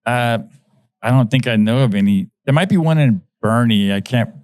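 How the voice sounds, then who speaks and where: A man's voice: medium pitch, normal speed, a little mellow, smooth, no room sound. A man, a magician guest in a casual podcast chat, talking hesitantly with many fillers and restarts.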